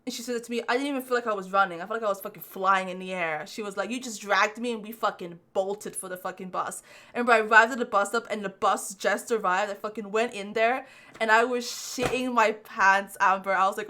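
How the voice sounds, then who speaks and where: Young female podcast host, bright forceful voice, cussing storyteller, casual chat. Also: medium pitch, a little fast. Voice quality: profane, animated storyteller.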